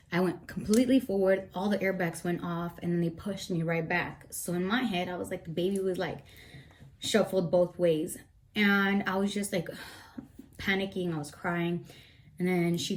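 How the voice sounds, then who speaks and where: A young woman tells a personal story to her camera, her voice a little low for a woman. She rambles and circles back, teary and emotional, yet keeps talking to her viewers. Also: a little mellow. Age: young adult. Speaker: vlogger. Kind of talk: storytime vlog.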